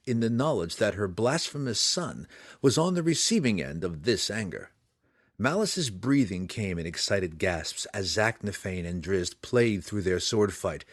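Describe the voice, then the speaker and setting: A man narrating a fantasy audiobook with a dramatic, expressive reading. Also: lowish voice, no echo, studio quality.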